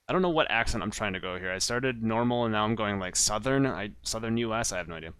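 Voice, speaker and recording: A man hosting a let's play, giving relaxed, self-mocking gameplay commentary. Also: on the low side, quick pace, hardly any pauses, clear, resonant tone, dry recording.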